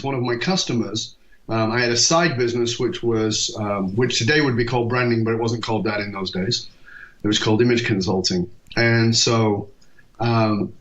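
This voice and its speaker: An Englishman in his fifties, a leadership speaker, tells stories during an interview, acting out quoted dialogue with quick asides. His mid-range voice is lively, captured on a dull lo-fi podcast recording.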